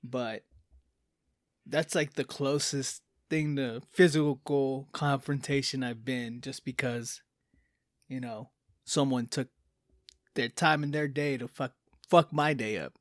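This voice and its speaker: A man's voice: medium pitch, fairly even intonation, slow pace, long pauses, dry recording, clean studio sound. A man co-hosting a casual podcast chat, telling stories bluntly and confidently. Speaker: podcast co-host.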